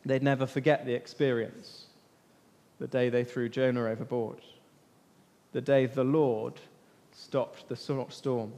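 A man telling a Bible story as a sermon, lively, often questioning his listeners and waiting for their answers. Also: medium pitch, unhurried. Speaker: preacher leading a Bible talk. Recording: long reverb of a large hall.

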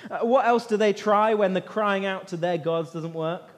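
High-voiced man teaching a Bible lesson. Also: normal speed. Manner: animated storyteller, quizzing listeners. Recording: long echo of a large hall.

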